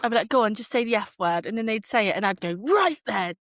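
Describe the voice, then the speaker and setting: A woman's voice: fairly high pitch, animated, fast, fairly bright tone, dry recording, clean studio sound. A young woman co-hosting a podcast as the daughter, playful and teasing, with lots of giggling. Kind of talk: casual chat.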